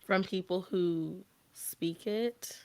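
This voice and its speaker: A woman's voice: fairly low pitch, drawn-out words, no room sound. A woman co-hosting a book podcast, chatting casually and teasing her friends, often breaking into laughs. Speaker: podcast co-host. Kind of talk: casual chat.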